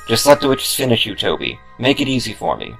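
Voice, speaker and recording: A man's voice: medium pitch, big pitch swings, quick pace, creaky, a bit bright, faint music behind. A man voicing a murderous, sneering middle-aged father in a spoken horror story, in a cold, menacing way. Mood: coaxing.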